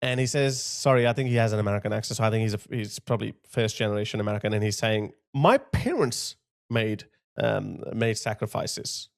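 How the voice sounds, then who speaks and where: A man's voice: on the low side, level tone, racing, few pauses, clear, resonant tone. A man giving impassioned video commentary, emphatic and indignant, driving his points home by repeating phrases. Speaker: political commentator.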